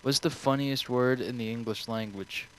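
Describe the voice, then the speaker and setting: A man's voice: mid-range voice, moderate pace, a little hiss or hum, rough recording. A young man streaming, answering viewer questions in a rambling, offhand way full of swearing. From United States.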